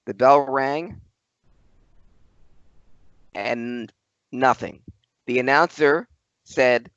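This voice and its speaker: A man of ordinary pitch who tells wrestling history on a podcast, wordy and dramatic in his phrasing. The audio is dry and a little dull, lacking crisp highs. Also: a bit bright, dry recording. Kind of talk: casual chat and storytelling.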